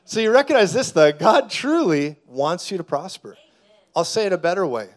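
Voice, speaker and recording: As a guest preacher, a man delivers a sermon in a high-sitting, very animated voice at a moderate pace, booming loudly at times before dropping to a hushed, intense tone. He's jokey throughout, tossing in jokes and laughing mid-sentence.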